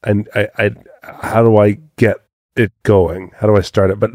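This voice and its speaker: A man co-hosting a podcast in easygoing casual chat, quick to react and laugh. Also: fairly low pitch, level tone, darkish tone, no echo, clean studio sound. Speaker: podcast co-host.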